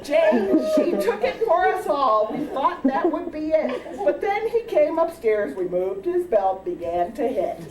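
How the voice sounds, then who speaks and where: A woman's voice: high-pitched, a little slow, few pauses, over a noisy crowd. Woman reciting a comic poem, home video. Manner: animated, breaking into laughter and acting out shouted quotes. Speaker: family member reading her own poem at a birthday party. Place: home birthday party. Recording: echoey, distant home video with background noise.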